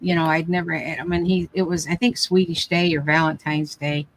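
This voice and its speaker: On a craft live stream, an older woman chats casually as host, meandering through family stories and often starting her sentences over. She speaks a little fast in a low, level voice, and the audio is poor.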